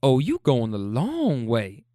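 A man voicing an elderly grandmother passenger who teases in a slow, dry drawl. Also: a bass voice, wildly swooping pitch, dark tone, no echo, full character voice. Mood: teasing.

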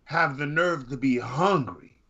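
A man's voice: medium pitch, creaky, pushed and bright. A man in casual podcast chat who fires off incredulous questions. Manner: incredulous, rapid-fire questions. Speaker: podcast co-host. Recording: dull lo-fi sound.

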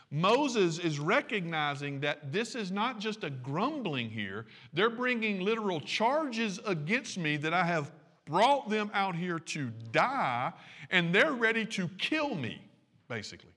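A pastor preaching in a sermon, his voice fairly high and swinging widely in pitch. He talks conversationally, throwing asides to the congregation. The sound carries a long reverb from a church hall. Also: big pitch swings, measured pace, sharp tone.

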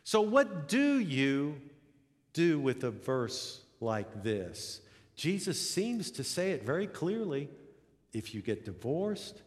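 A man's voice: on the high side, big pitch swings, slow. A middle-aged man, a pastor, preaching a sermon, telling a story and building to emphatic peaks. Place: church sanctuary. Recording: long hall reverb.

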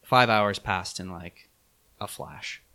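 A young man telling a travel story in a casual chat, animated and laughing, with many fillers. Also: fairly low pitch, slow pace.

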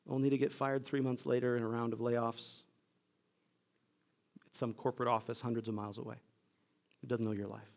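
A man pastor giving a conversational sermon, telling the story in an animated way. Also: on the high side.

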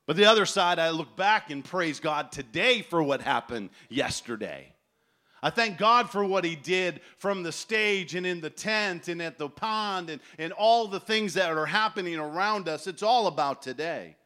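A man in his forties preaching a sermon at a festival, telling stories with animated acted-out voices. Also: high voice, normal speed. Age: 40s. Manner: animated storytelling, acts out voices. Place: large tent festival gathering.

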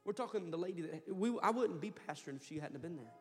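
A man's voice: fairly high pitch, animated, quick pace, long reverb tail, soft background music. A man pastor preaching a sermon, telling a story with rising fervor and heavy repetition. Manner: impassioned storytelling preacher, building to loud fervor. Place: church sanctuary.

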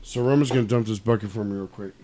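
A man's voice: on the low side, steady tone, fast, mellow, a little hiss or hum. A man hosting a podcast, a little tipsy, chatting loosely and cursing freely. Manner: loose, rambling, profane. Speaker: podcast host. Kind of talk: casual chat.

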